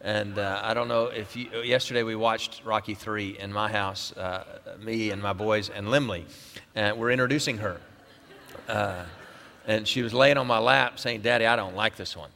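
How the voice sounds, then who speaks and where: A man's voice: lowish voice, fairly even intonation, normal speed, vocal fry, sharp tone. A middle-aged man, a pastor, opening a sermon in a casual, rambling way with many fillers and restarts. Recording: long echo of a large hall.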